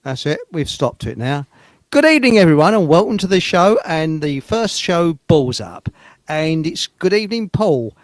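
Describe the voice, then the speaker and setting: A man's voice: on the high side, sing-song, moderate pace, dry recording. A man hosting a live show, chatting casually and joking with his co-host. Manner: chatty and jokey.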